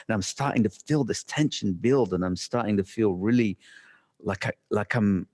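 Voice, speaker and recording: A man speaks to a room in a somewhat low voice, telling a story with animation. He acts out his own inner thoughts and often restarts his sentences as he goes. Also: normal speed, a little mellow. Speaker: workshop speaker. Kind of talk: live storytelling talk.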